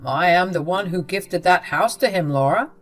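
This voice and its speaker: A woman's voice: lowish voice, normal speed, soft background music, natural voice. A woman voicing a sympathetic older father-in-law who speaks in a firm, reassuring way.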